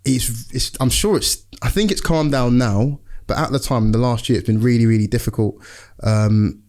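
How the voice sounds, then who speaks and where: A young man in casual conversation, chatty and animated as he tells stories from his work. His voice sits at an ordinary middle pitch, and he slips into quick impressions of other people mid-sentence. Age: young adult. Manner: chatty storyteller, acts out patients' lines. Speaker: football club doctor, podcast guest. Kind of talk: casual chat.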